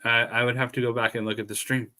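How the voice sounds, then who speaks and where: A man's voice: mid-range voice, little pitch movement, fast, bright, forceful tone. A man with a lisp streaming and chatting casually, rambling, laughing and swearing. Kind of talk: casual chat.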